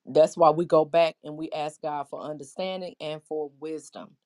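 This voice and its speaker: A middle-aged woman preaches through a scripture passage with a fairly low voice. She is impassioned but conversational, stopping to ask her listeners how many of them have been there too. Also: steady tone, normal speed, dark tone. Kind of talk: preaching a Bible lesson.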